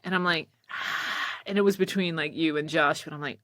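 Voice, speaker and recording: An animated woman hosts a casual podcast chat in a bright, forward voice. She laughs easily and slips into quoted dialogue as she tells stories. The sound is dry and close, with no room echo. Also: sits low, normal speed. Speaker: podcast host; voice actor and script supervisor.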